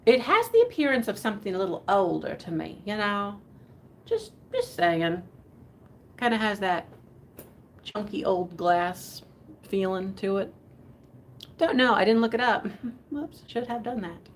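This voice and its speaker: A chatty woman hosts a live vintage sale. She rambles and giggles as she shows items, her voice at a middle pitch. Faint noise sits behind her. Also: lively intonation, a little slow. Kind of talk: casual live selling chat.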